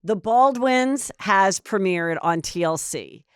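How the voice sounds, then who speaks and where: Wanita pembawa acara bergosip, suara jernih. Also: female voice, medium pitch, lively intonation, slow, clear, resonant tone, no room sound, clean studio sound. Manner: gossipy, blunt, lots of fillers. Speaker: podcast host. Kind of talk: gossipy casual chat.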